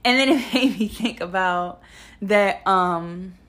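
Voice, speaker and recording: Blunt, animated woman telling a story. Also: mid-range voice, slow. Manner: animated, blunt, swears freely, talks straight to viewers. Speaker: vlogger. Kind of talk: casual storytime monologue.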